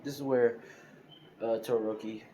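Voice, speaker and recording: A man's voice: medium pitch, steady tone, moderate pace, warm tone, a little hiss or hum. A man casually telling an improvised fan story in a loose, rambling way, recorded on a phone. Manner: rambling, loose, full of filler. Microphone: phone mic, screen recording.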